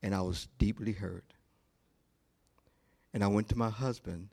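A male pastor preaching a sermon, telling a story in a slow, deliberate way with pauses. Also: on the low side, fairly even intonation, gravelly, darkish tone.

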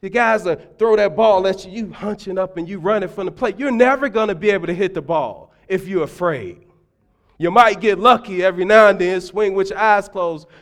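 A middle-aged man preaching a sermon in church, telling stories with humor and sudden loud bursts. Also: high-pitched. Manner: animated storytelling, humorous asides, loud bursts. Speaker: deacon preaching.

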